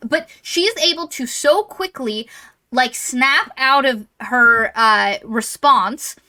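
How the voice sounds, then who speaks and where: A woman's voice: sits high, slow, bright, forceful tone. A woman co-hosting a podcast, rambling through an exasperated, casual recap of a book's plot. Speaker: podcast co-host. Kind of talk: casual book-roast chat.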